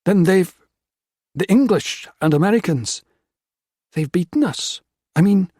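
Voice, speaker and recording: A man's voice: high voice, expressive, a little slow, mellow, husky, no echo, studio quality, pitched above the performer's own voice, full character voice. A man reading an audiobook, voicing a distraught British woman who pleads desperately with her Japanese husband. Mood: bewildered, pleading. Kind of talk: audiobook character voice.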